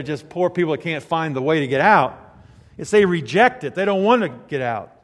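A man preaches a sermon in a slightly raised voice. His words ring out with a long hall echo. He drops to a soft, close storytelling tone, then climbs into loud, fervent preaching. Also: on the high side, animated, normal speed, few pauses. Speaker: pastor.

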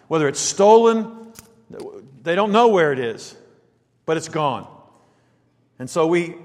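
A man preaching an expository sermon in a conversational way, thinking aloud with frequent restarts. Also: high-pitched. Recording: long hall reverb.

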